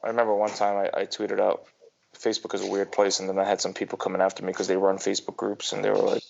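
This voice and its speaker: A man's voice: on the low side, level tone, quick pace, gravelly, darkish tone, a little hiss or hum. A man co-hosting a casual sports podcast, rambling and ranting with frequent restarts. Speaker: podcast co-host. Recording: dull lo-fi podcast audio.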